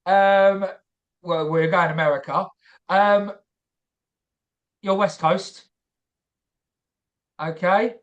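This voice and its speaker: A man's voice: high voice, fairly even intonation, extremely slow, long pauses, fairly bright tone, dull audio. A man from London with a London accent, hosting a comedy podcast in a jokey, casual way and swearing freely. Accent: London English. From London, England. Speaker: podcast host.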